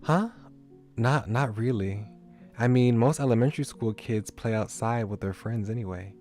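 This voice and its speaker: A man's voice: medium pitch, moderate pace, a little mellow, faint music behind, lightly acted. A man voicing a shy, reserved young man with an upland Southern American accent.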